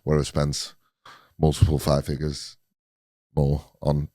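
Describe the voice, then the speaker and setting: A man's voice: rumbling low, completely flat delivery, takes it slowly, mellow, dry recording. A man in his late thirties hosting a casual podcast chat, talking in a loose, agreeable way. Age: 30s. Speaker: podcast host.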